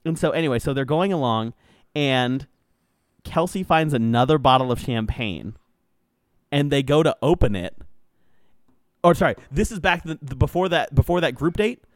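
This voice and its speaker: Animated, foul-mouthed storytelling man. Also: mid-range voice, normal speed, no echo, studio quality. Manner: animated, profane storytelling with lots of fillers. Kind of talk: casual chat, retelling a reality show.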